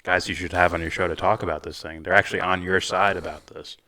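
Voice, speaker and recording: A man's voice: low voice, fairly even intonation, quick pace, pushed and bright, no echo, clean studio sound. A man co-hosting a podcast, reacting to a video with crude jokes and frequent laughter. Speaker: podcast co-host. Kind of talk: casual chat reacting to a video.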